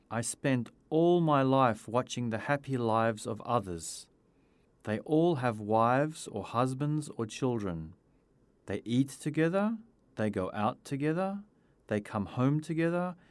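A man's voice: mid-range voice, dry recording, lightly acted. A man playing a bitter, lonely woman kidnapper. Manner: bursts out angrily, pleading.

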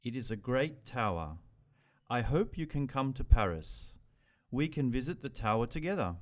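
A man voicing friendly boys from France, Japan and Germany, speaking clearly in a scripted language-lesson dialogue. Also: medium pitch, very animated, moderate pace, lightly acted.

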